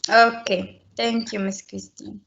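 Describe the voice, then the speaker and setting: A woman's voice: medium pitch, little pitch movement, slow, vocal fry, a bit bright. A woman presenting slides to parents in a school webinar, earnest and explanatory, with frequent restarts. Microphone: video call. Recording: muffled video call audio.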